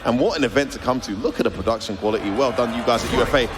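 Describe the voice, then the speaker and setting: A man doing excited, bantering esports commentary. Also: medium pitch, very fast, few pauses, music in the background.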